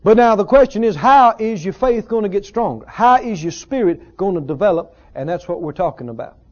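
A male preacher with a high, mellow voice delivers an earnest teaching sermon to a congregation. He leans on repetition and rhetorical questions. The recording is dull and lo-fi. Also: expressive, a little fast. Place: church service with a congregation.

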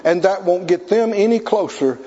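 High-voiced preacher in a reverberant hall. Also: male voice, expressive, moderate pace, dull audio. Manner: storytelling, emphatic, rising to near shouts. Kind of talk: sermon.

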